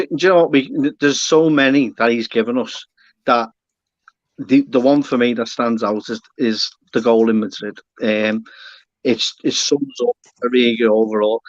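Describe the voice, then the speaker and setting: A man speaking as a guest on a football podcast, halting and restarting his words often. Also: medium pitch, dry recording. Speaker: panel guest. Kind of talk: casual football podcast chat. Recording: dull dry mic.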